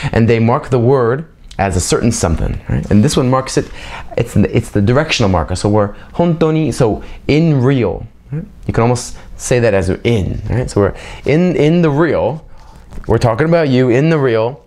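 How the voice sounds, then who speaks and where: A man's voice: medium pitch, a little mellow. A young man giving an unscripted, casual language lesson, rambling loosely with self-mocking jokes and constantly checking in with "right?". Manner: keeps checking in with a tag "right?". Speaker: language teacher.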